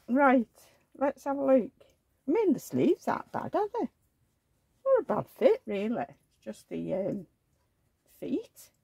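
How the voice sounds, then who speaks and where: A woman's voice: sits high, husky, no echo, highs cut off. A woman vlogger in casual chat at home, rambling along and cooing at the dolls she dresses. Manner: rambling, chatty, coos at dolls.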